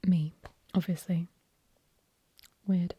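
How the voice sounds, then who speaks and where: A woman's voice: on the low side, flat delivery, drawn-out words, warm tone, no echo. A young English woman whispering ASMR chat, rambling and opinionated, a little sniffly, recorded ear to ear on a binaural mic. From England. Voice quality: breathy whisper. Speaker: ASMR host.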